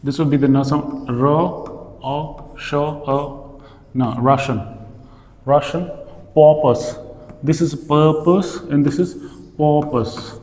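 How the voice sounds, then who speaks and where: A man with an Indian English accent teaches pronunciation at a slow, careful pace, repeating every word. His voice sits a little high. The recording rings with long reverb, as if made in a large bare room. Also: steady tone, darkish tone. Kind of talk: pronunciation lesson.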